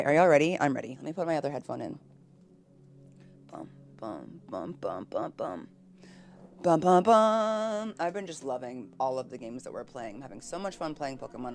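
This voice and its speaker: A bubbly woman chats with her live-stream viewers in a lowish voice, laughing often. She jumps from loud excited greetings to quiet murmured asides. Faint game music plays underneath. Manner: bubbly, giggly, quick to laugh. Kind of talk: casual live-stream chat reading viewer messages.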